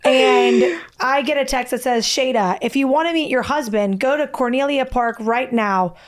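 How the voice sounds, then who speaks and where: A woman's voice: sits high, moderate pace. A woman co-hosting a podcast, venting with emphatic comic exasperation in casual chat. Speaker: podcast co-host.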